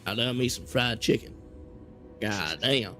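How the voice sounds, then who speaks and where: A man putting on a boastful Texan cowboy voice, rambling along in a slow drawl. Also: medium pitch, pushed and bright, soft background music, voice pushed down.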